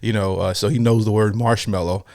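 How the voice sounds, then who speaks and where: A man's voice: lowish voice, steady tone, brisk, darkish tone, no room sound, clean studio sound. A man hosting a reaction video, chatting casually and thinking aloud, amused by what he watches. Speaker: reaction channel host.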